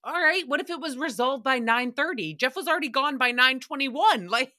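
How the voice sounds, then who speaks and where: A woman's voice: high voice, lively intonation, fairly quick, pushed and bright. A woman hosting a podcast, chatting casually and jumping between tangents, with frequent swearing. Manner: chatty, tangent-prone, profane. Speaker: podcast host. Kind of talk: casual recap chat.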